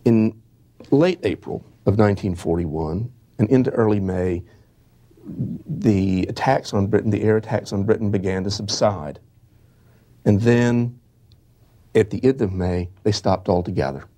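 A man giving a history lecture, reading eyewitness accounts in a measured, halting way with small restarts. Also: fairly low pitch, dark tone.

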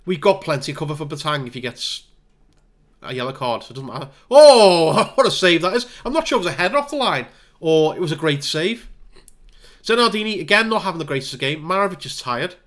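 A gaming video creator with a slightly raised, fairly high voice talks fast through a casual let's-play of a football management game. He narrates play-by-play, makes wry, self-deprecating jokes, and gets excited when goals go in.

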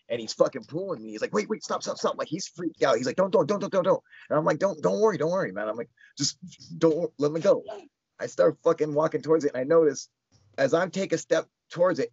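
Young man guest, gravelly and husky, excitable storyteller, cursing freely, dull lo-fi sound. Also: on the high side, no room sound. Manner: excited, swears a lot, heavy filler "like". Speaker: interview guest. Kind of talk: casual storytelling.

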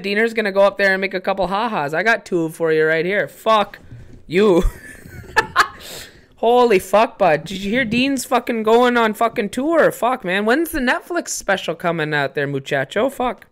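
A man putting on a loud, crude, middle-aged small-town man who mocks and swears. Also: high voice, very animated, measured pace, pitched above the performer's own voice, exaggerated voice. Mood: mocking. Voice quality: brash, swearing, mocking.

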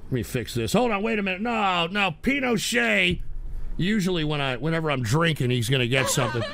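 A man hosting a live stream show, exasperated and profane, ranting and breaking into shouting outbursts. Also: a little high, animated, fairly quick, vocal fry. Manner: profane and comedic. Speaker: livestream show host.

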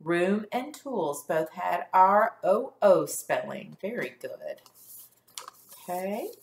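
A woman teacher leading a first grade phonics lesson, sounding out letters slowly and praising the class. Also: lowish voice, lively intonation, vocal fry, a little hiss or hum. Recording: echoey room.

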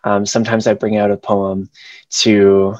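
A man's voice: lowish voice, level tone, measured pace, a little mellow, dry recording, muffled recording. A young man, an educator, giving a presentation over a video call and performing slam poetry with passionate, rhythmic delivery.

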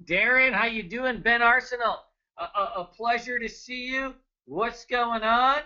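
A man in his thirties hosting a trading webinar, energetic and joking, chatting casually and greeting viewers by name. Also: extremely high pitch, measured pace, dull audio. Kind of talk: casual live webinar talk.

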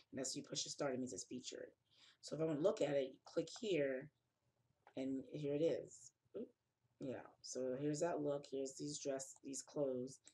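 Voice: mid-range voice, warm tone, breathy edge. A fashion blogger walking through a screen tutorial, sounding exhausted and yawning, rambling casually with many restarts. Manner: rambling, thinking aloud with restarts. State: tired, yawning.

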